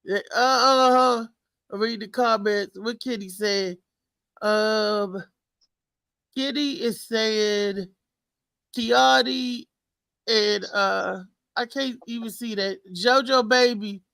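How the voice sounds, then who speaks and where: High, slow-talking woman show host. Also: vocal fry, smooth, dry recording, rough recording. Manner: animated, laughs often, slangy. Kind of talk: casual live show chat.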